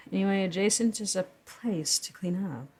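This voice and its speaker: A woman's voice: medium pitch, normal speed, a little mellow, breathy edge. A woman talking through a story she wrote in casual vlog commentary, rambling, correcting herself and chuckling between thoughts. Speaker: writer explaining her own story. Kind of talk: casual vlog commentary reading from her draft.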